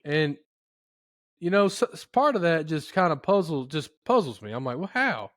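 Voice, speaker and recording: A man hosting a podcast, telling a story in a rambling, folksy, animated way. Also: a little high, moderate pace, dry recording, studio quality. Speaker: podcast host. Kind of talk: casual storytelling chat.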